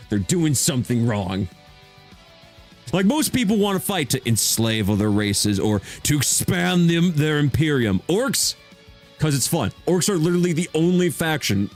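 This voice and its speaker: A man streaming as a VTuber in a casual chat, talking with rambling enthusiasm and frequent restarts. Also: on the high side.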